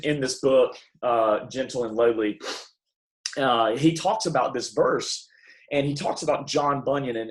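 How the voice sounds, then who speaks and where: A man's voice: mid-range voice, low-quality recording. A young man giving a devotional sermon in a casual, emphatic way, with many restarts. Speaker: preacher.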